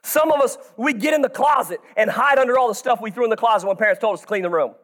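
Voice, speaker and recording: Speaking quickly in a very high voice, this thirties-aged preacher delivers a lively sermon, bursting into shouts and tossing jokes to the congregation.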